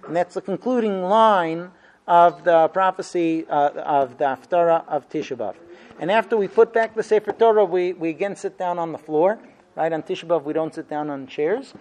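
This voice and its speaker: A man's voice: on the high side, moderate pace, darkish tone. A man teaching a religious lesson in an earnest explaining way, acting out quoted laments with feeling.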